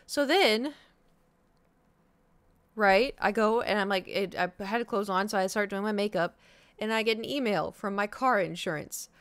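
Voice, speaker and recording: A woman in her thirties telling a story to her stream viewers in a casual chat, animated and full of swearing, acting out her own reactions. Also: mid-range voice, moderate pace, clean tone, dry recording. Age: 30s. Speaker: livestreamer.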